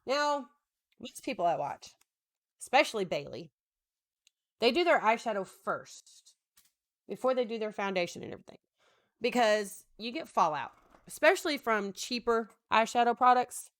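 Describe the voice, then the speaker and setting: A woman's voice: a little high, sing-song, normal speed, pauses often. A woman in her thirties chatting casually while she does her makeup, rambling and joking about herself, now and then talking to her husband. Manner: rambling, self-deprecating, talks to husband between steps. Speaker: makeup vlogger.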